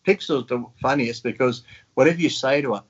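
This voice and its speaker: A man's voice: mid-range voice, fairly quick, breathy edge, highs cut off. A man chatting casually on a video call, swearing freely and telling stories in acted voices. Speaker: podcast guest. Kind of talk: casual chat. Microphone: home mic on a video call.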